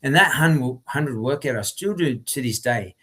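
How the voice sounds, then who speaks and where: A man, a podcast guest, talking in an animated, emphatic, motivational way and often restarting his sentences. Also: medium pitch, normal speed, slightly rough. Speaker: podcast guest, former criminal turned entrepreneur.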